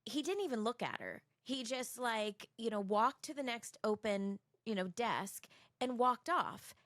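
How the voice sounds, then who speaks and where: Animated, high-voiced woman telling a story. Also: measured pace, dry recording, clean studio sound. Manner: animated storyteller, acts out quoted people. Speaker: podcast co-host. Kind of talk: casual podcast chat.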